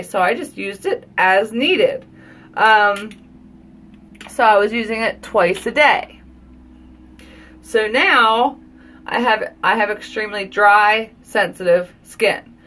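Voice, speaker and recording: In a slightly high, somewhat bright voice, a woman who is a mother gushes and rambles through a live at-home beauty product review. Kids are audible downstairs.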